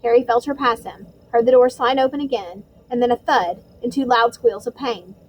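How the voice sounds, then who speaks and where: A woman narrating a storybook chapter in a measured, suspenseful way. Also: fairly high pitch, slight background noise, low-quality recording. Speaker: audiobook reader.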